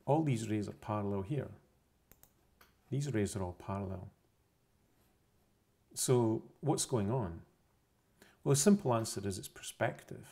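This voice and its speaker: A man's voice: on the low side, animated, unhurried, vocal fry, long pauses, dark tone, slightly rough. A man explaining a science topic over pictures, unscripted, methodical and repetitive, often correcting himself mid-phrase. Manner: methodical, repeats points, self-corrections.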